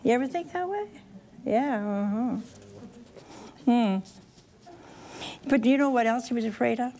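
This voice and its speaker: A woman's voice: fairly high pitch, measured pace, warm tone. A woman preaching a storytelling sermon to a live audience, chatty and folksy, laughing at her own asides and acting out the characters.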